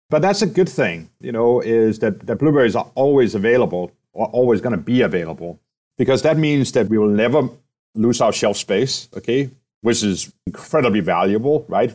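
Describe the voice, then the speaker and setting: A company president with a lowish voice and darkish tone is being interviewed conversationally. He explains things at length, often finishing his points with tag questions like "right?" or "okay?".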